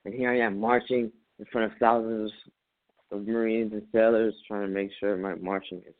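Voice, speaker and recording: Low-voiced man telling a story, phone-like. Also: moderate pace, no room sound. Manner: animated, acts out his own quotes, laughs often. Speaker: interview guest, Marine veteran. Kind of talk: casual storytelling.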